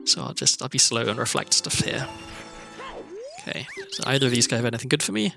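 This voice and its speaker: A man's voice: mid-range voice, expressive, fast talker, creaky. A man from Wales with a Welsh accent, streaming a video game and chatting casually, rambling into thoughtful asides. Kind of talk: casual gameplay commentary. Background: faint background music.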